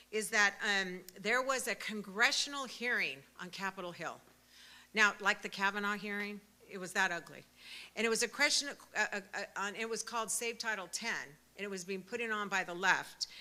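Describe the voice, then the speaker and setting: A woman in her sixties giving an impassioned speech at a pro-life event, fervent and emphatic, rising to loud peaks. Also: medium pitch. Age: 60s.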